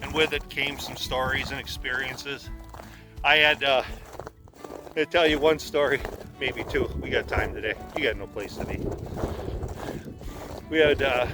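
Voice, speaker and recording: A man's voice: mid-range voice, fairly even intonation, unhurried, long pauses, over music. A man from Wisconsin, a former sled dog guide, telling stories in a casual, rambling way with many restarts. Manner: rambling, repeats words as he restarts. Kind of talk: casual storytelling.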